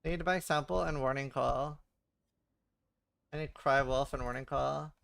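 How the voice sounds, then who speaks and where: A man's voice: medium pitch, moderate pace, creaky, a bit bright, no room sound. A man streaming a video game, chatting casually, muttering to himself, swearing and stammering. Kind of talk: casual livestream chat while gaming.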